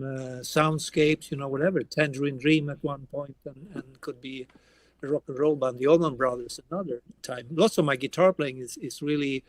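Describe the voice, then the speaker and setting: Swedish guitarist guest, rambling chat, dry close sound. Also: male voice, medium pitch, dry recording. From Sweden. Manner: rambling, frequent restarts. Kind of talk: casual interview chat.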